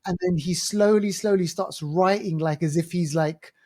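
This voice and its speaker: A man's voice: sits high, normal speed, a little mellow. A man with a London accent co-hosting a film podcast, chatting casually and rambling with lots of fillers and restarts. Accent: London English. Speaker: podcast co-host.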